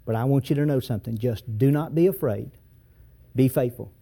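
A man voicing a gentle, reassuring divine speaker, in a tender, quiet way. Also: medium pitch, brisk, gravelly, breathy edge.

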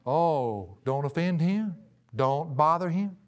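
A man preaching a sermon in a fairly high voice. He is emphatic and folksy, pushing his voice up and then dropping it low to stress his points. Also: lively intonation, takes it slowly. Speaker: pastor. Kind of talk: expository sermon.

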